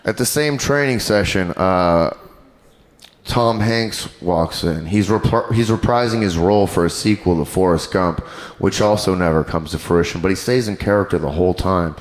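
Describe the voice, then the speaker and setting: A man doing a stand-up comedy set on a club stage, animated and crude in his delivery. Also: sits low, normal speed. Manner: animated, crude, jumps into character voices.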